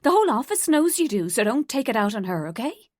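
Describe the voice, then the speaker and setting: A principled office worker, voiced by a woman narrator. Her voice is soft and a touch higher than the narration, and it stays firm. The sound is dry and close. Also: big pitch swings, quick pace, no room sound. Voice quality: soft, firm when angered. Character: softer-spoken loyal woman coworker.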